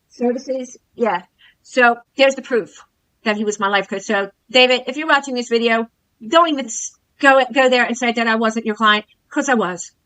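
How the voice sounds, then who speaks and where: A woman's voice: a little high, a bit bright, rough recording. A middle-aged woman earnestly telling the camera about her experience as a coaching client, often repeating her points. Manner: earnest, repeats herself, emphatic on grievances. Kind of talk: personal testimonial to camera.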